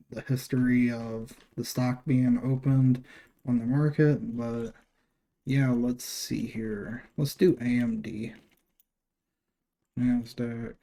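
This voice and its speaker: With a warm, mid-range voice, a channel host loosely walks viewers through his screen share. He rambles, often restarting sentences and leaning on fillers.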